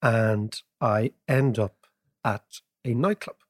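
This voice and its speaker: A man, co-hosting a podcast in casual chat, telling lively anecdotes and explaining economics. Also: medium pitch, slow. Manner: animated, laughing anecdotes. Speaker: podcast co-host.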